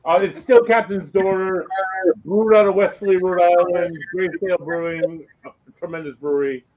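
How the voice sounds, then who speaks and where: A man's voice: high-pitched, steady tone, normal speed, lo-fi sound. A man co-hosting a casual chat, talking in a chatty, digressive way. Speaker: co-host. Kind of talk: casual chat reviewing clips.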